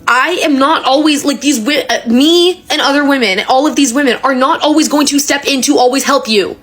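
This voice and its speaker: A young woman with a fairly high voice rants hard at the camera. She is blunt and fired up, and she swears freely. Her delivery is punchy and direct. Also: brisk, a bit bright. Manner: fiery and emphatic, swears freely. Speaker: social media creator. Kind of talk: angry direct-to-camera rant.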